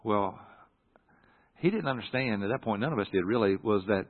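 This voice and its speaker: A middle-aged man telling a personal story from the pulpit, halting and earnest with many restarts. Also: on the low side, expressive. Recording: echoey hall through a phone-like line.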